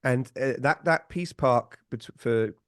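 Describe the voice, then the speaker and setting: Man telling lively anecdotes, dry sound. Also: medium pitch, slow, clear, resonant tone, dry recording. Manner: animated anecdote-telling, chuckling often. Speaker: podcast guest. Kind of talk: casual storytelling chat.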